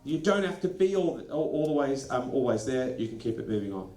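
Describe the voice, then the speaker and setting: A man presenting a lively workshop to school leaders, animated and acting out quick snippets of dialogue. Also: medium pitch, soft background music. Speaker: education consultant presenting a workshop. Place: training venue. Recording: echoey room.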